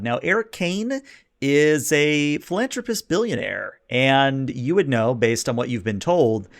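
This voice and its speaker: A man at a middling pitch runs a tabletop game, describing the scene at a relaxed pace. His delivery is loose and conversational, with small fillers as he sets up each moment. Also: clean tone. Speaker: game master.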